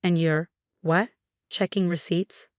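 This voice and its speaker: A woman's voice: fairly low pitch, fairly even intonation, takes it slowly, a little mellow, no echo, studio quality. A woman reading as a patronizing mother. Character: patronizing middle-aged mother.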